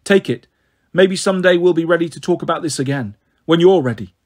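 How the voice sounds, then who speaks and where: Guy reading as a worried teen girl, hesitant but pushing through, husky voice. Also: fairly high pitch, a little fast, a little mellow, close to an everyday voice. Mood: earnest. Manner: hesitant, trying to sound confident. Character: teenage girl, anxious but determined.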